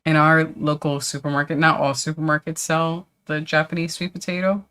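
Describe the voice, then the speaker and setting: Low-voiced woman hosting a casual stream. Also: little pitch movement, fairly quick, a bit bright, clean tone. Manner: chatty, reads viewer comments aloud. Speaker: livestream host. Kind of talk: casual livestream chat.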